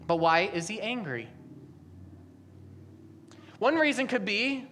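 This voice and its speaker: A woman's voice: mid-range voice, expressive, slow pace, long pauses, fairly bright tone, a little hiss or hum. A young adult woman preaching a sermon as a pastor, asking the congregation a stream of rhetorical questions.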